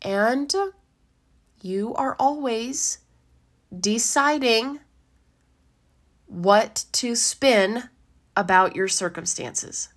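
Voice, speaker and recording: A woman, a life coach giving a gentle, encouraging talk with a slightly dry throat, who laughs often and acts out inner voices. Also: fairly high pitch, very slow, long pauses. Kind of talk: casual motivational talk.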